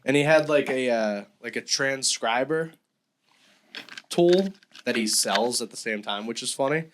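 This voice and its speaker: A man's voice: mid-range voice, measured pace, fairly bright tone. A man co-hosting a casual podcast, swearing and acting out quotes in silly voices. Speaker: podcast co-host. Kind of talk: casual chat.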